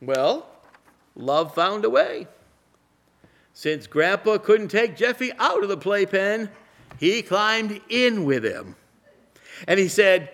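Slow, lively preacher with a high voice. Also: male voice. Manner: slow, dramatic delivery, drops to a hush for emphasis. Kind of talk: sermon with illustrative stories.

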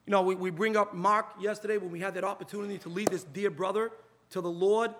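Male preacher at a pulpit, tense high voice, drawn-out emphatic sermon. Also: fairly even intonation, a bit bright. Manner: emphatic, drawn-out preaching delivery with scripture quotes. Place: church sanctuary, at a pulpit. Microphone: pulpit mic.

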